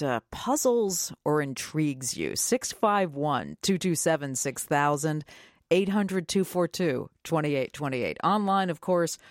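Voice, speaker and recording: A woman hosting a public radio call-in show, reading listener comments aloud and bringing in her guest at a brisk pace. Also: deep voice, dry recording, studio quality. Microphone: studio microphone.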